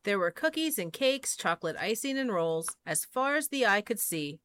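A woman reading children's picture books aloud with a lively, sing-song pitch that rises and falls. Her voice is bright and crisp, recorded close and dry with no room echo. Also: normal speed. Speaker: storyteller.

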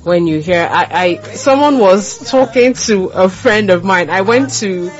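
A woman's voice: medium pitch, expressive, a little slow. A woman radio presenter chatting casually, telling stories with an exasperated edge. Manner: storytelling, exasperated. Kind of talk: casual chat. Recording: dull lo-fi sound, faint music.

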